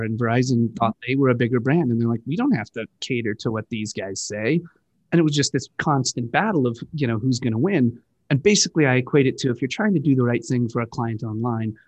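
Guest man, upbeat casual storyteller, middle pitch, dry sound. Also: darkish tone, no room sound. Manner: enthusiastic storyteller, quick asides. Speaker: guest, digital marketing agency partner. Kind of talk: casual conversational interview.

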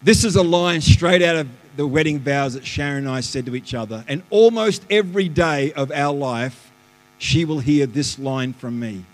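A man, a pastor preaching a lively sermon that swings between loud bursts and hushed asides, in a church auditorium. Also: fairly high pitch, moderate pace. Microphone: live stream stage mic. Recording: live church hall reverb.

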